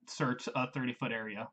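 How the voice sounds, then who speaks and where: A man's voice: medium pitch, steady tone, a little slow, a bit bright, rough recording. A man playing a tabletop game over voice chat, reading his spell rules aloud and laughing often. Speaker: player.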